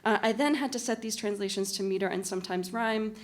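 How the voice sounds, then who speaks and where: A woman on a conference panel, speaking as a literary translator and reading a prepared academic talk in a measured, articulate way with occasional fillers. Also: mid-range voice. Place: university conference room.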